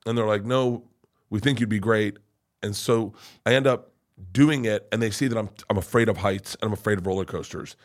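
A man's voice: on the low side, steady tone, brisk. A middle-aged man, a comedian guest, telling stories in a rambling, profane way with many restarts. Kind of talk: casual storytelling chat.

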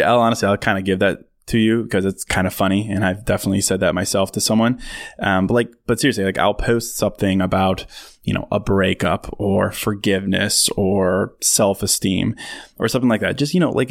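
A man's voice: lowish voice, dry recording, studio quality. A man hosting his own podcast, talking casually to listeners, laughing often and full of fillers. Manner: chatty, laughs often, many fillers, mock voices for quotes. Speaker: podcast host. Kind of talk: casual solo podcast monologue.

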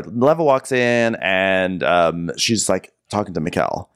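A man's voice: low voice, clean tone. A man co-hosting a podcast who recaps a reality show in a playful, gossipy storytelling way. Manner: playful storytelling with quick quoted bits. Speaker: podcast co-host. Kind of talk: casual reality TV recap chat.

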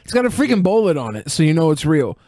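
A man's voice: fairly high pitch, very animated, quick pace, dark tone, dry recording, clean studio sound. A man co-hosting a podcast in casual chat, telling rambling stories with a wry edge. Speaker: podcast co-host.

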